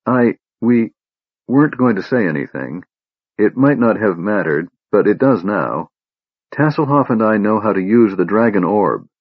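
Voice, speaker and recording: A man's voice: fairly low pitch, lively intonation, moderate pace, breathy edge, no echo, phone-quality sound. A man voicing a determined young elf woman in an audiobook, urgent and pleading. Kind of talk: audiobook character voice.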